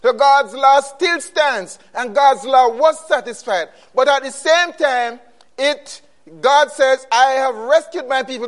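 Male preacher, unhurried delivery, hammers key phrases through repetition. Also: extremely high pitch. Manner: emphatic, repeats key phrases. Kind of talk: sermon.

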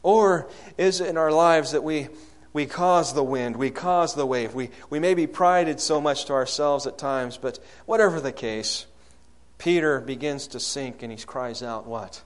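A man preaching a sermon, asking the congregation questions and swinging from loud, high calls to low, soft lines. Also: moderate pace. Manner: rises loud and high when acting out quoted prayers, drops low and soft on key lines.

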